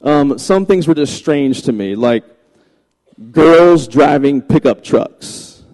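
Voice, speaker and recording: A man in his forties from Virginia, a pastor telling funny stories in a chatty, animated sermon. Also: a little high, slow. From Virginia, USA. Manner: chatty, joking, animated anecdotes. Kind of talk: humorous sermon storytelling. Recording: long reverb of a large hall.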